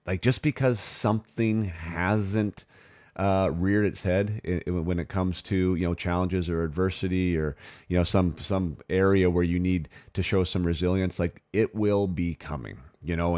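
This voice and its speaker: Low-voiced man hosting a hockey podcast. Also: a little mellow, no room sound, studio quality. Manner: rambling, informal, with many restarts. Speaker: podcast host. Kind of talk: casual podcast interview.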